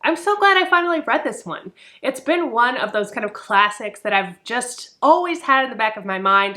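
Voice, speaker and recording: Young adult woman, bright voice, chatty, animated, casual book vlog, lots of fillers. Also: medium pitch. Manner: chatty, animated, frequent "like" and "really". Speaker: book reviewer.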